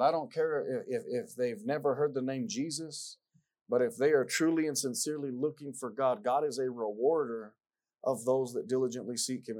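This preacher has a medium-pitched, darkish voice. He reads scripture in King James wording and presses his message with emphasis, repetition, and rhetorical questions.

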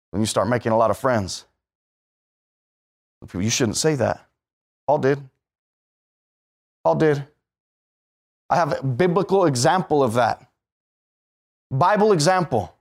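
Male pastor, emphatic pulpit delivery with sharp shifts in volume, slightly high voice. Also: lively intonation, measured pace, long pauses. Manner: emphatic preaching that swings from loud peaks to low asides. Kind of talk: sermon.

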